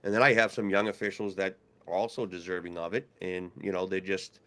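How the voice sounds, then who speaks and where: Bright-toned man telling stories. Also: sits low, fairly quick. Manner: storytelling, animated when quoting others. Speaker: hockey referee supervisor and podcast co-host. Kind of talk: casual podcast chat.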